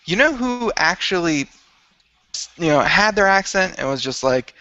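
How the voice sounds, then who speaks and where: Lively, bright, gravelly man on the radio. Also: sits high, normal speed, no room sound, muffled recording. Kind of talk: casual radio chat.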